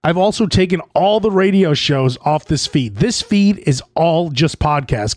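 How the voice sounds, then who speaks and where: A brash male comedian runs his podcast in a loose, excitable monologue. His voice swings lively up and down, and he chuckles at his own bits, recorded close and dry. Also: fairly high pitch, a little slow, few pauses, dry recording. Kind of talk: casual monologue.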